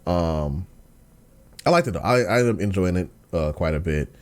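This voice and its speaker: A man hosting a podcast in casual chat, slangy and ranting, dropping to low mumbles and then bursting into excited outbursts. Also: moderate pace. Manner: slangy, lots of fillers and restarts. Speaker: podcast host.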